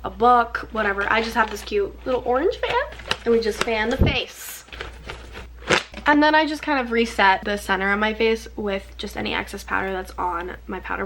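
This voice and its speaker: Bubbly gushing woman vlogger, high voice. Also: fairly bright tone, a little hiss or hum. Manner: bubbly, gushing, filler-heavy chat. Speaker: beauty vlogger. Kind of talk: casual makeup tutorial.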